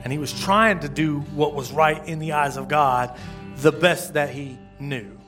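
A man preaching a sermon as pastor, talking to the congregation conversationally, with restarts and sudden loud rises. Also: a little high, fairly even intonation, unhurried, faint music behind.

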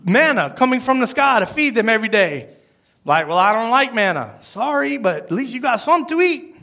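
A man preaching a sermon as pastor, acting out quoted lines and swinging between loud bursts and hushed asides. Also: extremely high pitch, sing-song, a little fast, vocal fry.

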